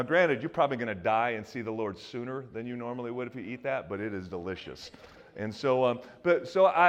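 A man in his fifties from the US Northeast, preaching a sermon in a loose, joking, conversational way with many restarts and asides. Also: medium pitch. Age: 50s. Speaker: pastor.

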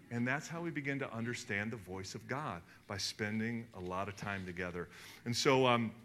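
A man preaching a sermon to his congregation, telling stories animatedly, with sudden jumps in loudness. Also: medium pitch. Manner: animated storytelling, emphatic swings in loudness. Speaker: pastor. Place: church hall in front of a congregation.

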